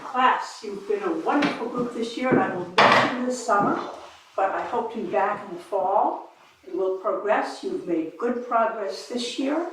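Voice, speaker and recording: A woman's voice: mid-range voice, lively intonation, moderate pace, a bit bright, recorded from a distance, natural voice. Prim 1800s schoolmistress, played by a woman in an echoey room. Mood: fond. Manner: prim and scolding with children. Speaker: schoolteacher reenactor. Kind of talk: living-history classroom reenactment. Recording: echoey room from afar, noisy.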